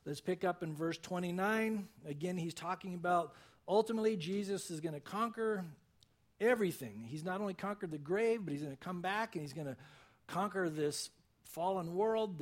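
Earnest male pastor delivering a sermon, voice sitting a bit high. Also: moderate pace. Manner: earnest, storytelling preacher.

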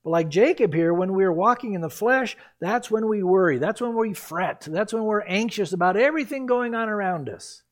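A lively man preaching a Bible teaching sermon, his voice pitched fairly high and swinging widely up and down. He talks in an animated way, acting out the characters as he goes. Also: normal speed, few pauses. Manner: animated, acts out quoted voices and reactions, laughs at his own asides. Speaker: pastor.

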